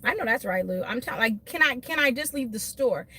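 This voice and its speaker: A woman beauty vlogger ranting animatedly to her live viewers from her car, emphatic and quick to laugh. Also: on the high side, husky. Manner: animated, emphatic, laughs often, talks to chat by name. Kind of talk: casual venting rant to live viewers.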